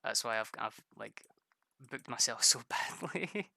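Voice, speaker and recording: A man's voice: mid-range voice, animated, a little slow, gravelly, bright, forceful tone. A man chatting casually while streaming a game, rambling, stammering and laughing often. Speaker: gaming streamer. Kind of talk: casual gameplay chat with viewers.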